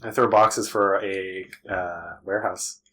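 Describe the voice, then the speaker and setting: A man's voice: sits low, fairly even intonation, unhurried, fairly bright tone. A man, a podcast guest, chatting casually and wisecracking with the host. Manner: wisecracking, laughs often. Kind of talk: casual chat.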